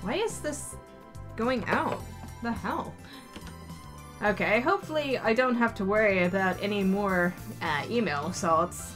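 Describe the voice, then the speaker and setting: A woman's voice: mid-range voice, lively intonation, a little slow, fairly bright tone, faint music behind. A woman hosting a let's play, reading a visual novel aloud with chatty, wry asides.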